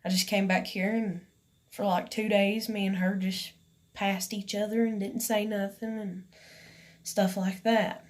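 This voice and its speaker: A woman's voice: mid-range voice, little pitch movement, unhurried. A woman, telling a personal story to camera in a rambling, emotional way with many fillers. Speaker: vlogger.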